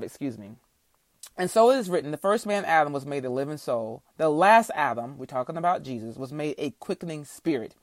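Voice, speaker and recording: A woman's voice: low voice, dry recording. A woman hosting a faith podcast, telling a heartfelt testimony and teaching scripture in a preacherly way. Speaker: podcast host.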